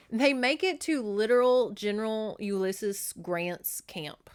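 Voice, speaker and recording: Woman host, casual book recap, chatty and profane, mid-pitched. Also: expressive, slow, smooth. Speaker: podcast host.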